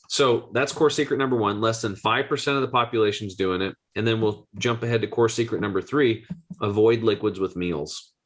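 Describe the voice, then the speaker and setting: A man in his forties, a guest health coach, telling a story with excitable, slangy energy. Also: lowish voice. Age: 40s. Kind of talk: animated storytelling.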